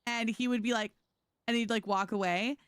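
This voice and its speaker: A woman game streamer chats casually with viewers while playing, telling stories and laughing often. Her voice is a little high with fairly even intonation and normal speed, clear and resonant, in a dry, clean studio recording.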